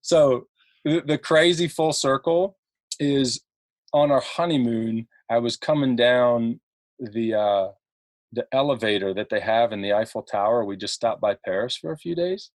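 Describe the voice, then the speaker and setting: A middle-aged man from Ohio, a podcast guest telling stories in a halting, chatty way with many fillers and laughs. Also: medium pitch, dry recording. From Ohio, USA. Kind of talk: casual podcast chat.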